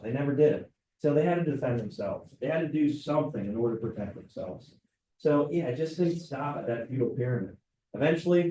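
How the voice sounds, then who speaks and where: A man's voice: medium pitch, mellow, a little hiss or hum. A male teacher giving a casual classroom lecture, often checking in with "right?". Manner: casual, keeps asking "right?". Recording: roomy classroom, mic far off.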